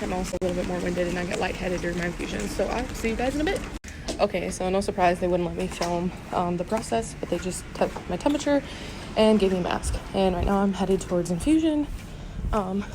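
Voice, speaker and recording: A woman's voice: medium pitch, noisy background. A young adult woman vlogging casually to camera, rambling with lots of "um"s and "like"s. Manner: rambling, many "um"s and "like"s. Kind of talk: casual vlog talk to camera.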